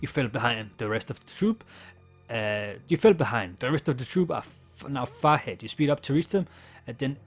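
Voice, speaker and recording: A man's voice: a little high, slightly rough. A man, not a native English speaker, reading game text aloud and chatting casually in a let's play, with a slightly sore throat.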